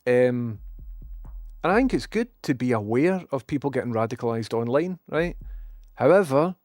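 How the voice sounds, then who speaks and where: A man's voice: mid-range voice, animated, normal speed, a little mellow, no room sound. A man with a Scottish accent, ranting sarcastically and rambling as he chats to his live-stream viewers, swearing freely. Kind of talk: casual live-stream rant.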